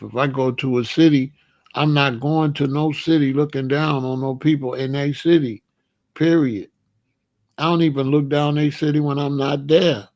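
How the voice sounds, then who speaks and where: A man's voice: a little high, dry recording. A man from Chicago hosting a casual commentary monologue, talking in loose slang, laughing often and repeating his points. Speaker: commentary channel host.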